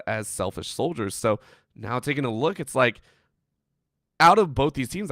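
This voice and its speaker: A man co-casting a live esports match in an animated way, with joking pleas and chuckles. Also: medium pitch, no echo. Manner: animated, pleading jokes, chuckles. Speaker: esports caster.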